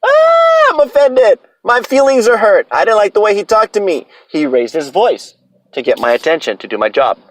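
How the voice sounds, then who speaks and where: A man voicing a whiny, easily offended teenage worker in a mocking, high-pitched whine. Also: wildly swooping pitch, normal speed, no room sound, heavily acted.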